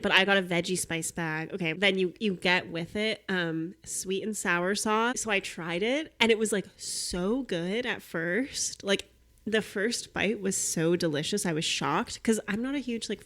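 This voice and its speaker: A woman's voice: medium pitch, measured pace, fairly bright tone. A young woman co-hosting a podcast, chatting casually with frequent laughs and fillers. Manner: giggly, chatty, filler-heavy. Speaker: podcast co-host. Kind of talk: casual chat.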